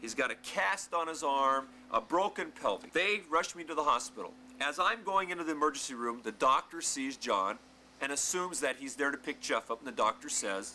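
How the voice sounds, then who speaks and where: A man telling a funny personal anecdote aloud, animated and vivid, acting out what people said. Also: medium pitch, moderate pace, a little hiss or hum. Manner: animated, acts out quotes and shouts. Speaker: storyteller.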